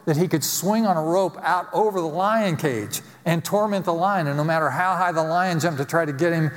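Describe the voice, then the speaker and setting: A man's voice: on the high side, fairly quick. Man preaching in a reverberant hall. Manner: storytelling, conversational, with rhetorical questions. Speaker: pastor. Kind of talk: sermon.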